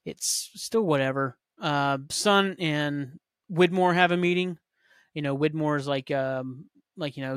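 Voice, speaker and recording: A man's voice: on the high side, measured pace, a bit bright, dry recording, clean studio sound. A man hosting a podcast, chatting casually and rambling through a TV recap with lots of fillers and some swearing. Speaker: podcast host. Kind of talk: casual solo recap chat.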